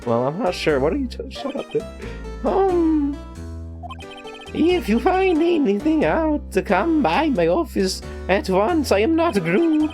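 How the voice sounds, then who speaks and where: Pompous old male lawyer, high-pitched, slow, sing-song, theatrical. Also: very animated, darkish tone, soft background music, heavily acted. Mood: lamenting.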